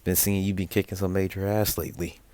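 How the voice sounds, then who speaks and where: An easygoing, friendly bartender who talks like an old acquaintance, voiced by a young man in a fan story. The voice is very deep and dry, close to the mic. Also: level tone, fast, mellow, no room sound, close to an everyday voice. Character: casual friendly male bartender.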